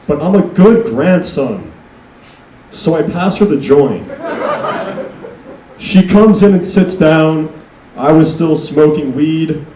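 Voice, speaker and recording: A young man doing a stand-up set, deadpan and self-mocking, building to loud punchlines. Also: on the high side, takes it slowly, pauses often, slight background noise. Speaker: stand-up comedian. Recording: echoey room, mic heard from a distance.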